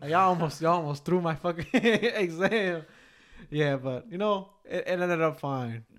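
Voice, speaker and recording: A young man with a slightly high voice, chatting on a podcast. He tells stories casually, swears freely and leans on slang. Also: measured pace. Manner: profane, animated storytelling with slang. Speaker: podcast co-host. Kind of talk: casual chat, storytelling.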